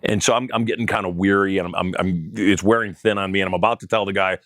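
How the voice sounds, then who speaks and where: Lively middle-aged man telling a story. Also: fairly low pitch, fast talker, few pauses, dry recording, clean studio sound. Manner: animated storyteller who acts out dialogue. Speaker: guest. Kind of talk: storytelling interview.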